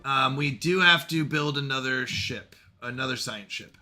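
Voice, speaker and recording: A man streaming a strategy game with commentary, animated and scolding himself over a misclick. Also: medium pitch, normal speed, faint music behind. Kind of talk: let's play commentary.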